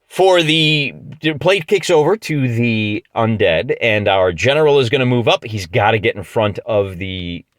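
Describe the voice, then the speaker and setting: A man's voice: mid-range voice, expressive, unhurried, hardly any pauses, dry recording. Midwestern guy doing play-by-play on his tabletop wargame, jokey, dry close sound. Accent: Midwestern American. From American Midwest. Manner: chatty, jokey, often restarts mid-phrase. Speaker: wargamer narrating a solo tabletop battle. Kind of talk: casual play-by-play narration of a tabletop game.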